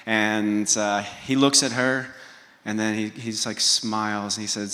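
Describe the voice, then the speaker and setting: Man, motivational speaker, storytelling, asks the audience questions, mid-pitched voice, long hall reverb. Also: normal speed, bright, forceful tone. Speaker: keynote speaker. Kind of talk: motivational talk.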